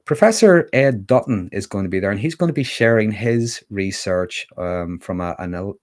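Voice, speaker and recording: Man, very low voice, calm livestream host, casual explanations, filler words. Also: normal speed. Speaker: livestream host on mental health.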